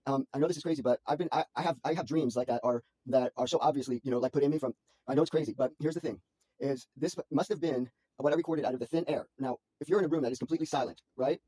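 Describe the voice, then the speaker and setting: A man talking to his mother on a phone call, rambling anxiously with halting restarts and repeated words. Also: medium pitch, mellow. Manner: anxious, frantic storytelling.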